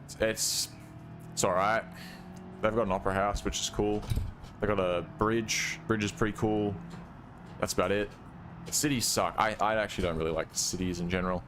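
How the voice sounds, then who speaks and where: A young gaming streamer from Western Australia, with a working-class Australian accent, rambles casually while playing a driving game. His lowish, fairly bright voice stays steady at normal speed with long pauses, and he hesitates, trailing off with "I don't know," over a faint hiss or hum.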